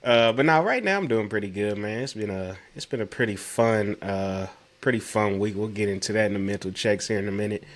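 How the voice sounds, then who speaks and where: A man in his thirties co-hosting a podcast, hoarse from sinus trouble, chatting casually and telling animated, slangy stories. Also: lowish voice, a little fast, few pauses. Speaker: podcast co-host. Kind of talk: casual chat.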